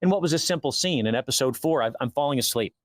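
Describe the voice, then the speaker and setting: A man's voice: medium pitch, fast, no room sound. A man, an actor guest, telling stories in a casual interview and acting out the dialogue as he goes. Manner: animated, acts out quoted dialogue.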